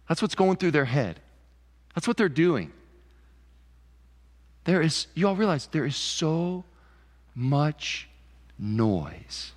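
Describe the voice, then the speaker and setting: A man preaching a sermon as pastor, emphatic, repeating key phrases. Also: medium pitch. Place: church sanctuary. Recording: church hall reverb.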